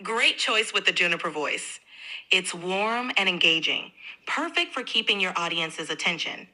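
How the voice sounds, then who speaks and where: Bright, chipper AI assistant woman. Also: lowish voice, expressive, moderate pace, low-quality recording. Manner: polite, upbeat and eager to help. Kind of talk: synthetic assistant speech.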